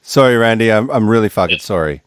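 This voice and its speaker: A man's voice: on the low side, lively intonation, fast, clean tone, no room sound. A man co-hosting a podcast, telling stories in casual banter, swearing often and laughing. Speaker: podcast co-host.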